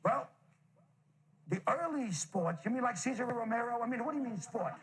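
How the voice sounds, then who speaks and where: A man's voice: very high voice, lively intonation, normal speed, slightly rough, voice pushed up, heavily acted. Man doing a kvetching two-thousand-year-old man. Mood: kvetchy. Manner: schmaltzy, kvetching, rambling. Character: ancient bragging 2000-year-old man, old Jewish storyteller. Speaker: comedian. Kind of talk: improvised comedy character Q&A.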